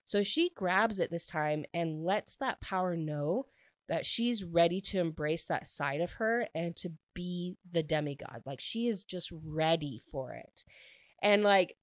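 A young adult woman excitedly recapping a book she loved, talking fast and gushing, with a constant filler "like". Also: lowish voice, no room sound, clean studio sound. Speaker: book reviewer.

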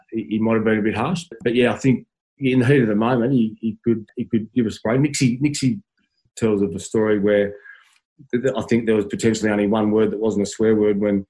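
Australian man, low voice, halting storyteller. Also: a little mellow, poor audio. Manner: halting, many restarts, laughs while telling stories. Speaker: former footballer, guest. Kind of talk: casual storytelling interview.

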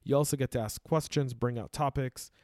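A man's voice: mid-range voice, steady tone, fairly quick, a little mellow, dry recording. Chatty male podcast host, dry studio sound. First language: Arabic. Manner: conversational, emphatic, with frequent restarts. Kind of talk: casual podcast monologue.

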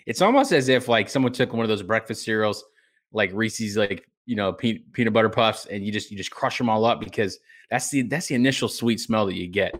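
A man from Virginia co-hosting a beer podcast, talking in an animated, jokey way with lots of "like" and restarts. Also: on the low side, brisk. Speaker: beer review podcast co-host. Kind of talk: casual chat.

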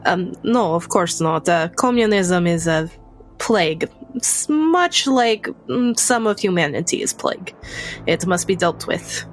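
A woman's voice: fairly low pitch, animated, measured pace, faint music behind. A woman voicing a guarded, formal female vampire newcomer with a put-on Russian accent, clipped and dropping articles. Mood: formal, earnest. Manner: clipped speech, drops articles.

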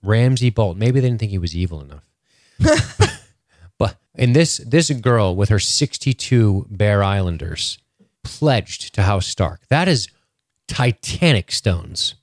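A jokey man co-hosting a casual TV recap chat, tossing in quick asides and laughing. His voice runs fairly low. The recording is dry and close. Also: lively intonation, dry recording. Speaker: podcast co-host.

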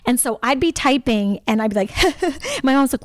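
A talkative woman guest telling stories in a casual interview, speaking in quick animated bursts. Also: fairly high pitch, no echo, studio quality. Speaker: podcast guest.

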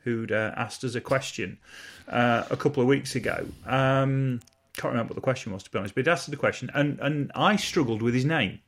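A podcast co-host with a mid-range, fairly bright voice chats casually and reads out listener messages. He talks fairly quickly, with hardly any pauses.

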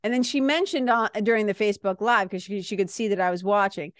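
A woman's voice: medium pitch, fast, no echo, clean studio sound. Candid Boston-accented woman host. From Massachusetts. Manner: candid and profane, rambling. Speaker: podcast host. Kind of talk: casual monologue.

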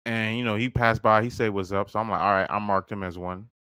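A man's voice: lowish voice, fairly even intonation, quick pace, bright, forceful tone, smooth, no echo, studio quality. A man hosting a podcast, telling a story casually and profanely, acting out quoted dialogue. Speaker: podcast host.

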